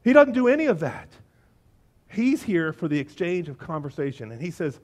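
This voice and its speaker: A man preaching from the pulpit, his voice riding high and swinging widely as he brings the story to life. He is a middle-aged pastor who talks with animated energy and slips into character voices along the way. His delivery is expressive and playful. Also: normal speed. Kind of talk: sermon.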